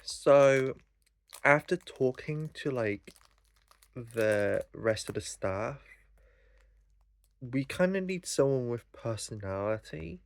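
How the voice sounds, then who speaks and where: Chirpy, polite woman shop trainer, mid-pitched and brisk, as a young man puts her on in a vlog. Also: lively intonation, gravelly, no room sound.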